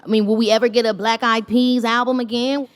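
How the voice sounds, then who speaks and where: A woman hosts a podcast interview on a live stage before an audience. She reacts playfully and with excitement, firing off quick follow-up questions in a casual conversational tone. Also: a little high. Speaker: podcast host.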